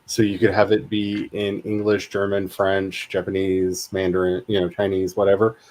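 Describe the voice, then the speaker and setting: Rambling low-voiced man hosting a stream. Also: completely flat delivery, normal speed, darkish tone, low-quality recording. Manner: rambling, restarts sentences. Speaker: stream host. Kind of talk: casual chat.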